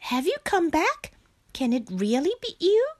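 A woman's voice: very high-pitched, huge pitch swings, measured pace, pitched above the performer's own voice, heavily acted. A woman voicing a small male frog in a storybook reading, anxious and loving, asking pleading, tearful questions.

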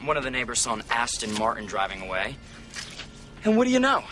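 An actor playing a defensive young man explaining a new romance, low-key and evasive. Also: huge pitch swings, fast talker, background noise. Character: young man defensive about dating an older woman. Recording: TV drama clip, distant with faint ambience.

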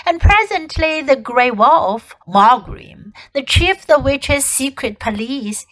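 A woman teacher reading a children's story aloud, slowly and clearly. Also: sits high, expressive, fairly bright tone, low-quality recording. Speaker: English teacher.

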